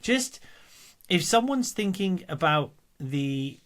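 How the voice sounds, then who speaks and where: Male podcast host, conversational interviewer, halting delivery with frequent restarts. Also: sits high, big pitch swings. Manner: halting, repeats words while finding his phrasing. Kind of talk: interview questions, casual chat.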